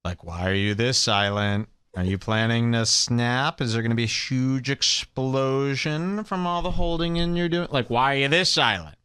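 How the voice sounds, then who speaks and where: A man hosting a live stream, mocking a rival show with sarcastic, salesman-like pitches. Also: normal speed, few pauses, pushed and bright, smooth, no room sound, clean studio sound. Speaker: host. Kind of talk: mock-promotional live stream commentary.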